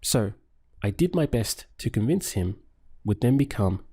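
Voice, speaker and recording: A man teaching a language lesson, patiently repeating phrases and pausing for the listener to answer. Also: fairly low pitch, sing-song, dark tone, husky. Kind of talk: paced language lesson with pauses for practice.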